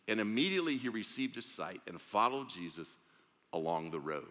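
A man's voice: deep voice, very animated, brisk, bright, forceful tone, in a large hall. A man preaching a sermon, telling a story with drama and acting out the voices of its characters. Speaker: pastor.

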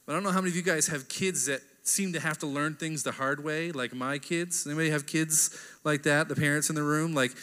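A man in his thirties delivers a relaxed, talky sermon, tagging his points with "right?". His voice is bright and a bit high. It rings through a large church hall with a long echo. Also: brisk. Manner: chatty, keeps asking "right?". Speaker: pastor. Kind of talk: casual conversational sermon.

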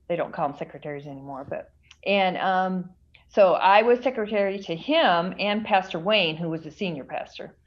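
A woman's voice: fairly low pitch, normal speed, muffled recording. Chatty woman telling a story over a call. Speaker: guest, author's wife. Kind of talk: storytelling in an interview.

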